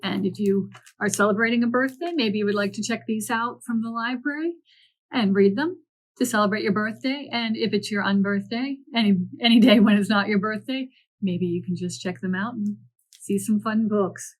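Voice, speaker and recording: A woman librarian reading picture books aloud to children, gentle and animated, with chatty asides to the listener. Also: mid-range voice, moderate pace. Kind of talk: picture-book read-aloud.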